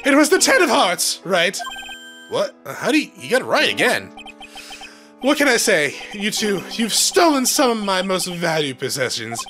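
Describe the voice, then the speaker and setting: A man's voice: high voice, wildly swooping pitch, moderate pace, bright, forceful tone, faint music behind, pitched above the performer's own voice, exaggerated voice. A man doing a flamboyant pompous circus star. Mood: showy. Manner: theatrical, drawls sweetie and fabulous.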